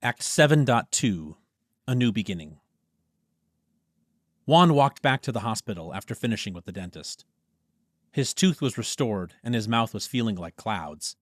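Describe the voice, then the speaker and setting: A man reading a story aloud as audiobook narrator, dropping low on speech tags. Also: animated, normal speed, long pauses, dry recording, clean studio sound.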